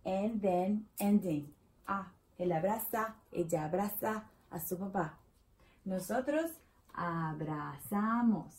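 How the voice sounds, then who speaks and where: A woman with a Latin American Spanish accent, a native Spanish speaker, patiently teaching a Spanish lesson and repeating words slowly for learners. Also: mid-range voice, a little mellow, poor audio. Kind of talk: explaining a language lesson.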